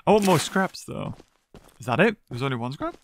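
A man playing a horror game and commenting on it, excitable, often gasping and laughing and reading in-game notes aloud. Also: on the high side, fairly quick, slight background noise. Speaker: gaming YouTuber. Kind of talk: let's play commentary.

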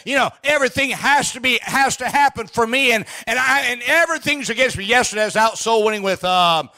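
A man preaching a sermon in a church, emphatic, with frequent restarts and bursts of shouting. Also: very high-pitched, brisk, few pauses. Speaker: pastor. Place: church sanctuary.

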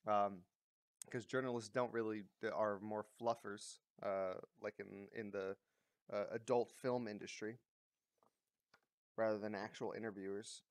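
A man's voice: on the low side, steady tone, a little slow, dry recording. Blunt, swearing man with a dry sound. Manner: blunt, profane, full of fillers and restarts. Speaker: commentary vlogger. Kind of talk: casual ranting commentary.

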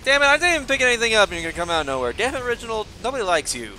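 A man commenting on his own gameplay, excitable and joking, swearing often and taunting the enemies. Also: high-pitched, rapid-fire, a little hiss or hum. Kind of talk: let's play commentary.

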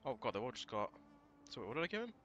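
A man thinking aloud through a strategy game, casual and prone to swearing and sudden shouts. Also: mid-range voice, big pitch swings, rapid-fire, lo-fi sound, a little hiss or hum. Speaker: let's play gamer. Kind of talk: casual gameplay commentary.

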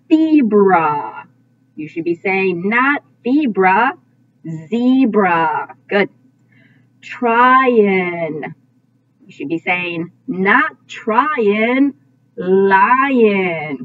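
A woman teaching a phonics lesson to young children, slowly modeling each sound and praising often. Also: medium pitch. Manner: slow, drawn-out sound modeling with frequent praise. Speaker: kindergarten teacher. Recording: tinny phone-like audio.

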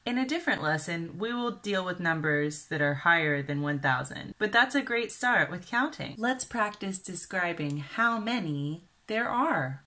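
A woman from Kansas with a Midwestern American accent, giving a careful, clearly enunciated English lesson for beginners. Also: on the low side, expressive, normal speed, hardly any pauses, pushed and bright. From Kansas, USA. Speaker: English teacher. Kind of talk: slow scripted ESL lesson.

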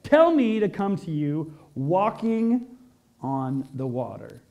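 A man's voice: a little high, big pitch swings, slow pace, creaky, mellow, highs cut off, full character voice. A man voicing an eager, bold disciple who pleads and dares in a raised voice. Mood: daring.

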